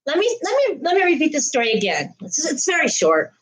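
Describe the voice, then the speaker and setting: Chatty woman streamer, higher voice. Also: wildly swooping pitch, a little fast, fairly bright tone, low-quality recording. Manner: chatty, rambling, reads and greets viewers' comments; frequent laughs and restarts. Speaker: livestream host. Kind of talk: casual livestream chat.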